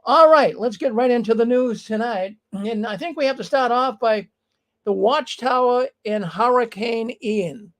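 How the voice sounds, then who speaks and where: A man's voice: extremely high pitch, a little slow, poor audio. A man hosting a live online news show, talking straight to his viewers in a casual, emphatic way. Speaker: livestream news show host.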